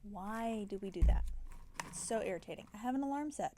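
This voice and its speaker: A woman's voice: mid-range voice, animated, brisk, background noise. Tired woman rambling about her knitting. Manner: rambling, with soft half-whispered asides. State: tired and yawning. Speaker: knitting podcast host. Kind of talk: casual chat. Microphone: self-filmed camera.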